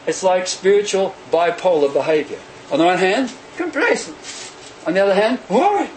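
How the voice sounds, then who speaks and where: A man preaching a sermon in an animated way, often acting out the voices of the people he quotes. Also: sits high, normal speed, a little hiss or hum, low-quality recording.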